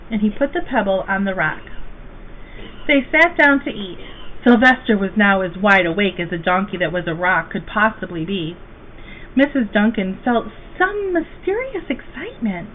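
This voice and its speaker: A woman reading a children's storybook aloud as a guest reader, slow, gentle and expressive. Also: medium pitch. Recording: tinny phone-like, faint hiss.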